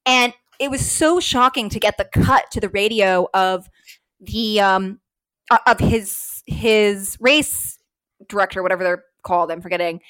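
A woman co-hosting a casual sports podcast, animated and laughing, acting out quotes as she talks. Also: medium pitch, unhurried. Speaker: podcast co-host. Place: room at home. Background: sirens outside window.

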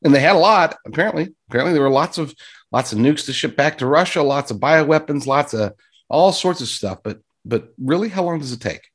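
Husky sarcastic commentator. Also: male voice, a little high, expressive, fairly quick. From United States. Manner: sarcastic, rambling, addresses listeners directly. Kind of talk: political commentary.

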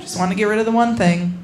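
A young woman performing a live stand-up set on a club stage, blunt and crude, with deadpan punchlines into a handheld mic. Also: fairly high pitch, background noise. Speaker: stand-up comedian. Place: comedy club stage, laughing audience.

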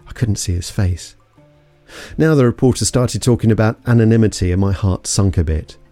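A man's voice: lowish voice, moderate pace, mellow, faint music behind. A man from London narrating an investigative story in a suspenseful, scripted way. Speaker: podcast narrator.

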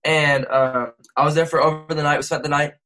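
A man's voice: fairly high pitch, fairly even intonation, fairly quick, pushed and bright, poor audio. A young man, a rapper and interview guest, telling a rambling casual story full of slang and self-corrections. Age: young adult.

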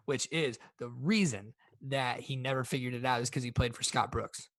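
A man's voice: mid-range voice, moderate pace, fairly bright tone, no echo. Laid-back podcast guy, mid voice, dry close sound. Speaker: podcast co-host. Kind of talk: casual chat.

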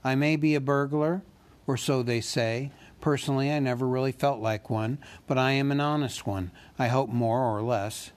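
A man voicing a fussy, polite male hobbit who talks in a businesslike way and squeaks when nervous. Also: steady tone, moderate pace, natural voice.

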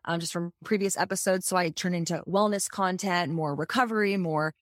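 A woman's voice: lowish voice, fairly quick, dry recording, clean studio sound. A woman in her thirties hosting a podcast, chatting casually and sharing her own background before asking a question. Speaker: podcast host. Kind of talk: casual interview chat.

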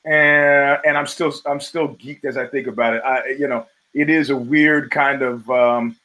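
On his own podcast, a middle-aged host speaks a little slowly in a steady, mid-range voice that's bright and forceful. His commentary wanders loosely, full of fillers and false starts, and the recording is low quality.

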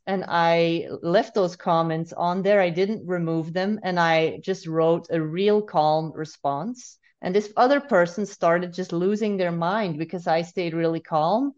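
A woman guest and spiritual mentor telling a story in a calm, steady way with a few restarts. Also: lowish voice, measured pace, hardly any pauses. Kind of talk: casual storytelling in conversation. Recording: dull, muffled remote audio.

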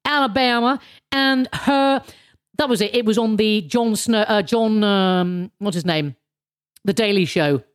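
A woman's voice: mid-range voice, steady tone, unhurried. A woman hosting a show, casually recapping her episode in a rambling, sardonic way with many fillers and restarts. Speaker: show host.

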